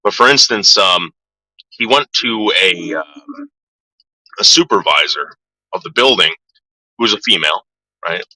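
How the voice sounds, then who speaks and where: A man's voice: deep voice, lively intonation, a little slow, long pauses, pushed and bright, dry recording, low-quality recording. A man vlogging casually, telling a rambling story in a blunt, profane way.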